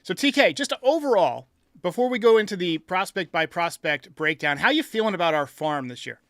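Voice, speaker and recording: A man hosting a sports podcast, talking in an energetic, upbeat way and laughing easily. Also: sits high, fairly quick, no room sound, studio quality. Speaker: podcast host. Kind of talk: casual sports podcast talk.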